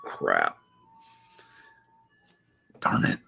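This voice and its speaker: A man hosting a casual live-stream chat, talking slowly and haltingly as he thinks aloud. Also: sharp tone, faint music behind. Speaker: show host.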